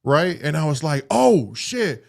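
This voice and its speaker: Somewhat high and creaky, this man's voice unfolds unhurriedly as he co-hosts a podcast and tells a long story in casual talk. Profanity flows freely while he acts out his reactions, giving the tale animated, quoted moments.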